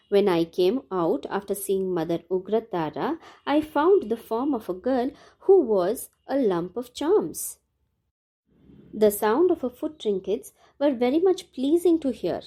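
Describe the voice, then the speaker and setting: A woman narrating a devotional audiobook in a measured, even reading style. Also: on the high side.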